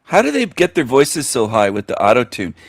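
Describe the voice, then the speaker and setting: A man's voice: mid-range voice, huge pitch swings, brisk, vocal fry, soft background music. A middle-aged man hosting a show, giving crude, sneering reaction commentary. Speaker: host.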